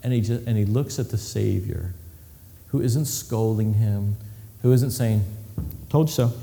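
A male preacher giving a sermon, telling the story with animated delivery and acting out scenes. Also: fairly low pitch, measured pace, creaky, a little hiss or hum. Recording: long hall reverb.

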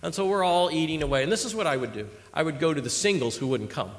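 A man preaching a sermon, telling stories animatedly, swinging between loud exhortation and quiet asides. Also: on the high side, fast. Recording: reverberant hall.

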